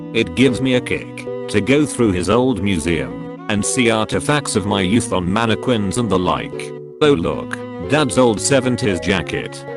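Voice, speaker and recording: A man or a text-to-speech engine producing a lower-pitched male voice that reads forum posts in an even, machine-like rhythm. Its intonation rises and falls in wide sweeps. Music plays clearly behind it the whole time. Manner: evenly paced, synthetic reading of short posts one after another. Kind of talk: automated reading of forum posts. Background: background music.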